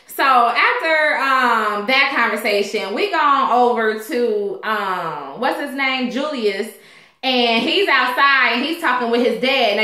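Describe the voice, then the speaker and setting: A woman's voice: a little high, pushed and bright. A woman giving a casual, rambling recap of a TV episode, full of fillers and asides. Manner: chatty, rambling, fillers like "you know what I'm saying". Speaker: TV show reviewer. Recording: echoey room.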